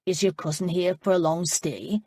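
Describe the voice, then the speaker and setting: Narrator doing a practical older housekeeper, low husky voice, frank and motherly. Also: fairly even intonation, normal speed, dark tone, no room sound. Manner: plain-spoken and frank. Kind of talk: audiobook character voice.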